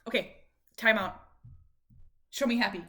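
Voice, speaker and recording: Woman, fairly high voice, unhurried, patient and encouraging, coaching her child at home. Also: sharp tone. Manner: patient, encouraging, drawn-out prompting. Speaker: mother coaching her son's speech. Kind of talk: home speech practice.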